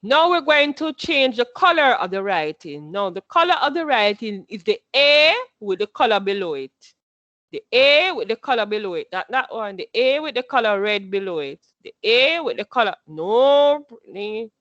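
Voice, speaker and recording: A woman's voice: fairly high pitch, big pitch swings, normal speed, fairly bright tone, no echo, lo-fi sound. A woman teaching a class, patient, who repeats her instructions and quizzes her students as she goes.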